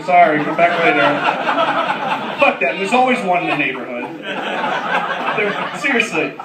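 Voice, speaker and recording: A man's voice: high voice, heavy background noise. A man doing a stand-up comedy set, brash and profane, laughing through his lines. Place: comedy club. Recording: echoey club, distant mic, loud crowd.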